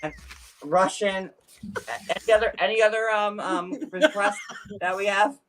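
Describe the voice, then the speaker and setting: A man's voice: high-pitched, fairly even intonation, moderate pace, a bit bright, a little hiss or hum, poor audio. A man hosting a casual group chat, hesitant and self-mocking, often restarting his sentences. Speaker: channel host.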